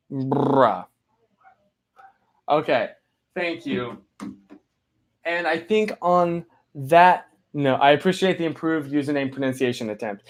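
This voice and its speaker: A young man hosting a casual livestream, chatting to viewers in a rambling, apologetic way full of filler words. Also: fairly high pitch. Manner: playful, reads chat names aloud. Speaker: livestream host.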